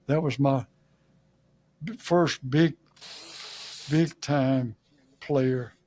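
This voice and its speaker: A man's voice: medium pitch, drawn-out words, warm tone, no room sound. An older man from Louisiana with a Southern accent, telling folksy, humorous stories as a guest on an interview show. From Shreveport, Louisiana. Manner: folksy, humorous, chuckles at his own jokes. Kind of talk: storytelling.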